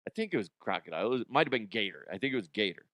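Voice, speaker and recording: A man hosting a comedy news show, ranting crudely and mocking the stories, with quick jumps into silly voices. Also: lowish voice, big pitch swings, fairly bright tone, dry recording. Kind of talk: profane comedic news commentary.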